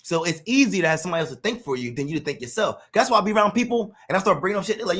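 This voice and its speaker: Rapid-fire and high-voiced with hardly any pauses, a man rants in a casual monologue. He's animated, uses profane street slang, and acts out others' words.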